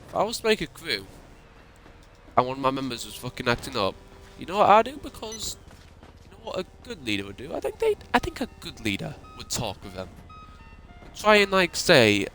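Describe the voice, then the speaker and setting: Gravelly man, upset rant. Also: medium pitch, wildly swooping pitch, a little fast, pushed and bright, faint music behind. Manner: upset, swearing, emotional. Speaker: YouTuber. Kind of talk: ranting monologue.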